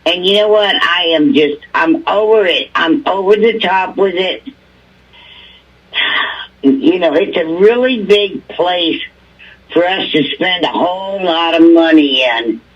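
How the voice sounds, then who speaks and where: A woman's voice: fairly low pitch, takes it slowly, husky. An older woman from Alaska calling in to testify at a hearing, talking bluntly and with exasperation. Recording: muffled distant phone line.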